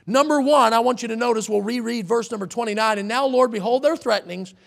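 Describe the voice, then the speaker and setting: Male preacher mid-sermon: high, gravelly voice, slows and swells on each verse. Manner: emphatic preaching, slows and swells on scripture readings.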